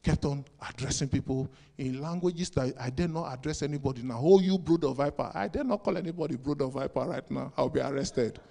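A pastor preaching a sermon, asking rhetorical questions and bursting into sudden loud shouts. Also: male voice, medium pitch, a little fast, creaky, hardly any pauses.

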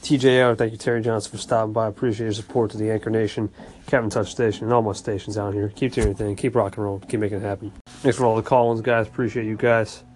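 A man's voice: lowish voice, level tone, quick pace, darkish tone. A man hosting a casual podcast, thanking callers with friendly, repeated sign-offs. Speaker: podcast host reading call-ins. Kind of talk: casual call-in shout-outs.

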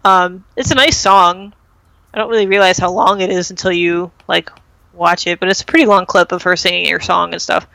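A woman's voice: fairly low pitch, steady tone, fairly quick, gravelly, sharp tone, dry recording, rough recording. A young woman hosting a podcast, casually retelling a TV episode with lots of fillers and acted-out quotes. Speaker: podcast host recapping a TV episode. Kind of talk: casual chat.

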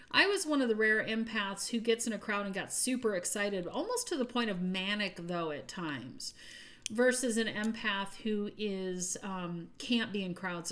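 A woman hosting a podcast, giving an earnest, upbeat spiritual talk that often trails off softly at the ends of phrases. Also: mid-range voice. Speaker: podcast host.

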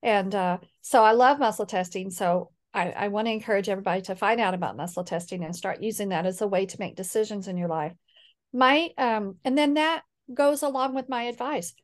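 A middle-aged woman talks as an interview guest, earnest and steady at an even middle pitch. She turns animated and lively whenever she quotes other people. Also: a little fast. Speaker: guest, healing coach. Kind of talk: conversational interview.

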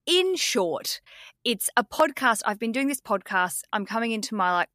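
A woman's voice: on the high side, expressive, moderate pace, bright, forceful tone, no room sound, clean studio sound. A woman with an Australian accent, hosting a podcast in casual, swearing, self-mocking chat. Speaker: podcast host.

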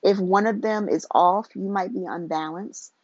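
A woman hosting a casual solo podcast, talking in a relaxed, chatty way and often restarting her phrases. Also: mid-range voice, moderate pace, dry recording, muffled recording. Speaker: podcast host.

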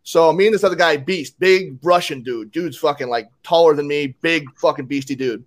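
A man telling a casual paintball story, acting out quotes with animated delivery. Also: on the high side, normal speed. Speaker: paintball player.

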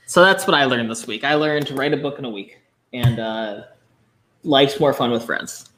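Bright-voiced joking man co-host. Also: medium pitch, moderate pace. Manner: easygoing, joking, stumbles over words. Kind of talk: casual podcast chat.

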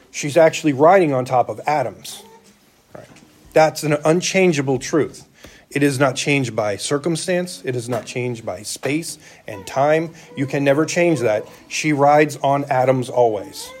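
A man preaching a sermon as a church elder, talking conversationally and asking his listeners rhetorical questions. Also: mid-range voice.

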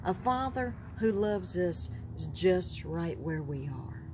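A woman's voice: on the low side, lively intonation, slow pace, crowd noise. Woman co-host, casual and laughing. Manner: laughs often, reads aloud from notes. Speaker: podcast co-host. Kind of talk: casual chat.

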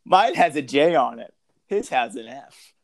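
Jokey man with a lively voice. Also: a little slow, creaky. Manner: jokey, breaks into high laughs and silly voices. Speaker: podcast co-host. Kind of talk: comedic read-along chat.

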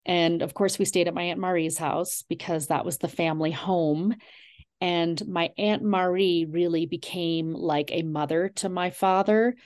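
A middle-aged woman, an author being interviewed, telling family memories in a warm, digressive way with many fillers. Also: lowish voice, fairly even intonation, unhurried. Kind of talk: reflective storytelling.

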